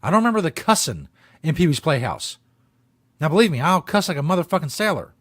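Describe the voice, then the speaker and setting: A man hosting a comedic show, ranting about a video in profane, deadpan mock outrage. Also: fairly high pitch, quick pace, no room sound, studio quality. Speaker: host.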